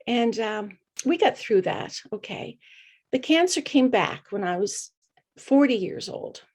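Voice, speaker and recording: A middle-aged woman with a voice pitched a little high tells her own story as a podcast guest. She speaks earnestly and reflectively, often pausing on small hesitant fillers. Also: animated, a little mellow, slightly rough. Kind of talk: personal storytelling.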